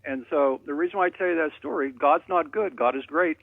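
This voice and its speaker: Rambling caller on a phone line, raspy. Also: male voice, fairly high pitch, fairly quick, dry recording. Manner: rambling storyteller, jokey. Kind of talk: phone-in radio call.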